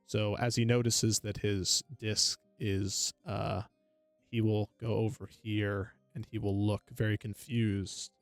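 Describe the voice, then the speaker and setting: Halting man running a tabletop game. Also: fairly low pitch, little pitch movement, dry recording, faint music behind. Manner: halting, many fillers and restarts. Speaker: game master.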